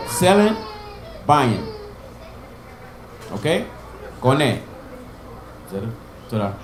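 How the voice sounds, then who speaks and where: Patient man teaching slowly in an echoey room. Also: mid-range voice, expressive, background noise. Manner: patient, repeats words slowly with memory tricks. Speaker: Hebrew teacher. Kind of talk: informal online language lesson.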